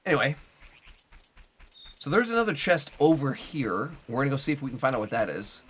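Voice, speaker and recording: A man's voice: mid-range voice, very animated, fairly quick, a bit bright, a little hiss or hum. A young adult man streaming a video game live, chatting loosely with viewers and rambling with lots of "like" fillers. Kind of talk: casual live gameplay commentary.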